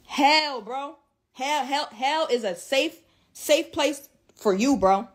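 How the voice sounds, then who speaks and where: A woman's voice: sits high, animated, takes it slowly. A tearful woman in a profane, repetitive vlog rant, swinging between shock and defiance after days of crying. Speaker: social media creator.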